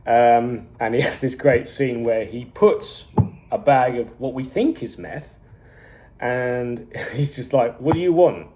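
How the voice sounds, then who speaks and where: A man casually reviewing a TV series, retelling scenes with animated energy, frequent chuckles and swearing. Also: mid-range voice, takes it slowly. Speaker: TV show reviewer.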